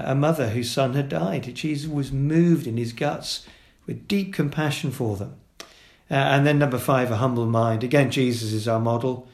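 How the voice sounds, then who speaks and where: A pastor delivers a sermon in an earnest, steady voice of middle pitch. He pauses often with fillers and restarts while listing his points. The sound carries the reverberation of a roomy hall.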